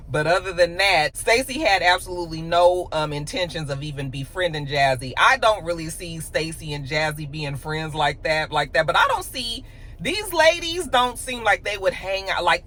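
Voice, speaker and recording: Chatty woman doing a show recap, bright voice, spills the tea with slangy asides. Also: on the low side. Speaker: reality TV recap host.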